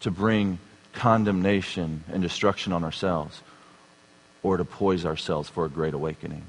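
A man preaching a sermon, dropping to a hushed tone and then building to emphatic, raised passages. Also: deep voice, fairly even intonation, normal speed, a little hiss or hum. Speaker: pastor. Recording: reverberant hall.

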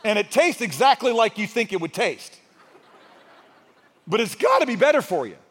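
A man's voice: high-pitched, sing-song, moderate pace, a bit bright, husky. A male pastor preaching a sermon in a conversational, storytelling way, with humor and rising emphasis. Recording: long hall reverb.

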